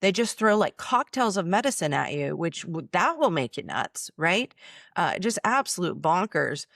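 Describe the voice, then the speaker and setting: A woman's voice: fairly low pitch, sing-song, normal speed, vocal fry, a bit bright, dry recording, studio quality. A woman speaking bluntly and emotionally about her own illness, filmed in her office. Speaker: chiropractor and author. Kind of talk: personal testimony.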